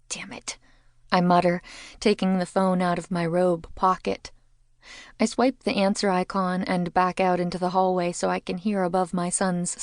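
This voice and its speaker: A woman's voice: lowish voice, no echo, studio quality. A woman narrating a mystery audiobook in the first person, with a wry, conversational telling.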